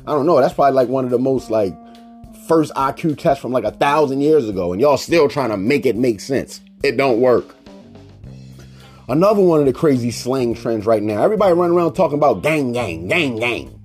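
A man's voice: medium pitch, darkish tone. A man from Baltimore, Maryland hosting a solo podcast. He tells stories animatedly, acts out the people he quotes, and rants with mock indignation. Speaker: podcast host.

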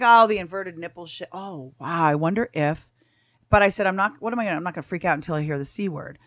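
A woman's voice: fairly low pitch, no echo, clean studio sound. A middle-aged woman, a guest in a casual chat, telling a story bluntly with lots of swearing and acted-out dialogue.

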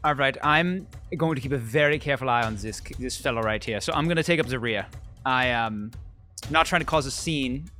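A man's voice: mid-range voice, a little fast, pushed and bright, soft background music. A man playing a tabletop game, casual and chatty. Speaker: player.

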